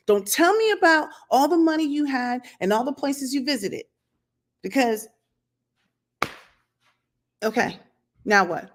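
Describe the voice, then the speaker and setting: In a casual opinion vlog shot outdoors in sunlight, a woman hosting her own channel speaks straight to camera and fires rhetorical questions at viewers. Her fairly high voice is expressive, at a moderate pace with frequent pauses.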